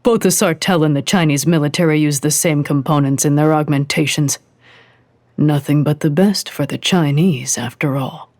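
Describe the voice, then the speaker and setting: A woman's voice: low voice, normal speed, darkish tone, dry recording. A woman narrator voicing a smug male hacker under interrogation, drawling and taunting. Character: smug male hacker terrorist, cool and sardonic.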